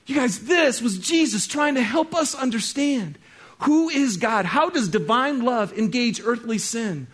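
A male pastor preaching a sermon, talking straight to his congregation and swinging between loud exclaiming and soft, hushed stretches. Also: very high-pitched, lively intonation, unhurried. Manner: conversational, talks straight to the congregation.

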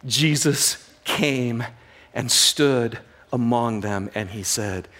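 A man preaching a sermon as a pastor, swinging from hushed, dramatic lows to loud, excited bursts, with jokey asides. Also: takes it slowly.

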